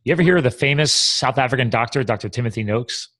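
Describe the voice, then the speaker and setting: An eager man hosts a casual podcast chat in a mid-range voice. He talks in quick bursts, restarting sentences as his thoughts run ahead. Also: medium pitch, fairly bright tone. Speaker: podcast host.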